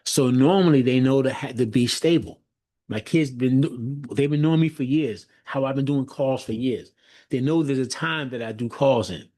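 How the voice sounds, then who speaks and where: A man's voice: medium pitch, moderate pace, warm tone. A middle-aged man giving a motivational leadership talk, repeating phrases with a preacher-like emphatic cadence and frequent restarts, as if on a video call. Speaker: leadership coach.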